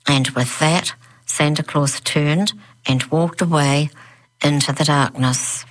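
A woman reading a children's story aloud, gently voicing its characters. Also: low-pitched, steady tone, a little slow. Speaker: narrator. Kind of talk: audiobook narration.

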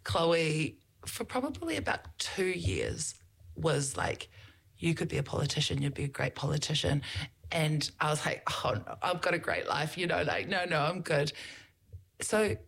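A woman's voice: low-pitched, big pitch swings, normal speed, gravelly, fairly bright tone. A middle-aged New Zealand woman, a politician talking as a podcast guest, telling stories in an earnest, advocating way. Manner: uses loose fillers and restarts. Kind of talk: casual interview talk.

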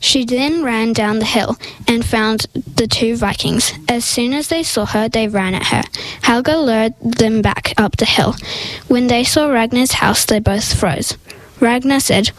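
A woman reading a story aloud, careful and steady, now and then tripping over a word and correcting herself. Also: fairly high pitch, measured pace, low-quality recording. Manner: reads carefully, with small stumbles and self-corrections. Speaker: story reader.

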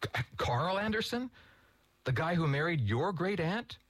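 A man voicing an eager, excitable teenage boy in a read-aloud story. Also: fairly high pitch, a little slow, no echo, pitched above the performer's own voice, exaggerated voice. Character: Kent, excitable young teen boy.

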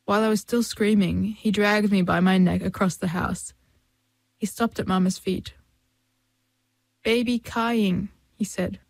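Woman audiobook narrator with a gravelly edge, dry close sound, measured first-person telling. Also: mid-range voice, level tone, no room sound. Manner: measured storytelling, voicing family and friends in dialogue.

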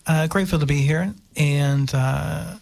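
A man's voice: a little high, a little slow, gravelly, a little mellow, dry recording. A man from New Orleans sharing his story of drinking on a radio show, reflective, with many hesitations. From New Orleans, United States. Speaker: meeting member sharing. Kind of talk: personal testimony on community radio.

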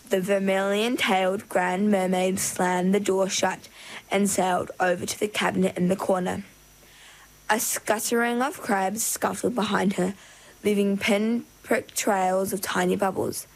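A woman narrates a children's storybook. Her reading is expressive. Her pitch sits in a middle range. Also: unhurried, rough recording.

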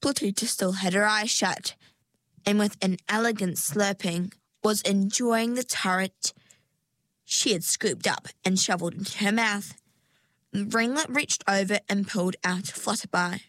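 A woman narrating a storybook in an unhurried, expressive way. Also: medium pitch, no echo. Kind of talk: storybook reading.

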